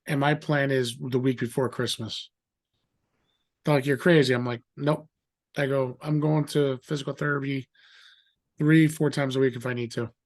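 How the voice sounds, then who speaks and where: A middle-aged man telling a story in a rambling, animated way, acting out the voices of others. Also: medium pitch. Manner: animated, acts out quoted voices; rambling with fillers and restarts. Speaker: guest. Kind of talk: casual storytelling.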